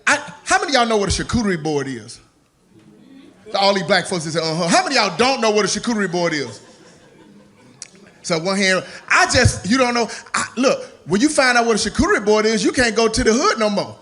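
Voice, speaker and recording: Male stand-up comic, high bright voice, playful and loose, live stage. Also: very animated, brisk. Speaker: stand-up comedian. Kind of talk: stand-up comedy set. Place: comedy stage before a live audience.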